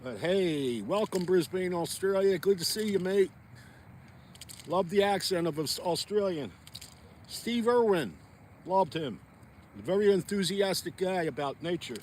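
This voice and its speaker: A man's voice: sits high, lively intonation, unhurried, darkish tone, a little hiss or hum. A chatty, folksy man vlogging outdoors on a frozen lake, talking straight to his viewers. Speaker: fishing vlogger. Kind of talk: casual outdoor vlog talk.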